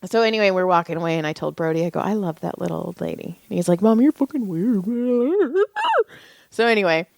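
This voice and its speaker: A woman's voice: fairly low pitch, animated, a little fast, creaky, no echo. A woman in her forties telling rambling, profane stories in casual chat as podcast co-host. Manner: rambling storyteller, swears freely.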